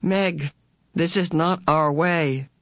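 A woman voicing an ancient, otherworldly female being who speaks in a cool, measured, calm way. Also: sits low, dry recording, studio quality.

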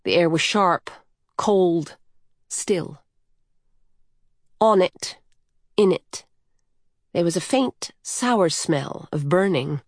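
A woman narrating a storybook in a calm, measured way. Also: fairly low pitch, no room sound, studio quality. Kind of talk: scripted narration.

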